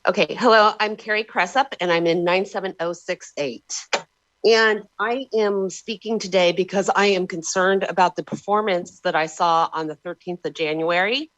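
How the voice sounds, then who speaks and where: A woman's voice: lowish voice, fairly even intonation, moderate pace, a bit bright. A woman giving emotional, frustrated public testimony to a county board by remote call-in. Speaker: public commenter. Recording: dull lo-fi remote audio.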